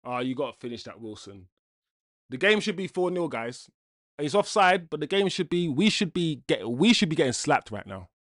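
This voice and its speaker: Male watch-along host, frustrated rant full of curses, fairly high voice, dry close sound. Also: big pitch swings, moderate pace, fairly bright tone, no echo. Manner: exasperated ranting with frequent swearing; repeats himself while venting. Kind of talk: live football watch-along commentary.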